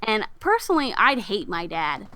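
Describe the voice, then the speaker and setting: A woman's voice: mid-range voice, normal speed, gravelly. A woman co-hosting a podcast, casually retelling a film plot and acting out its lines in a raised voice. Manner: animated storytelling, acts out quotes in a raised voice. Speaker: podcast co-host. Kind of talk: casual chat recapping a film.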